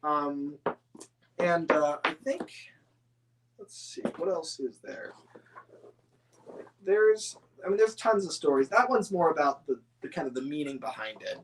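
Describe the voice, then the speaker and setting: Un hombre de voz algo aguda charla de forma informal y entusiasta, divaga, se corrige a menudo y llena las pausas con muletillas. Habla como aficionado que responde preguntas de sus seguidores. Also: male voice, fairly high pitch, expressive. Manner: rambling, many fillers and restarts, enthusiastic. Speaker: scale model hobbyist answering viewer questions. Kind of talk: casual chat.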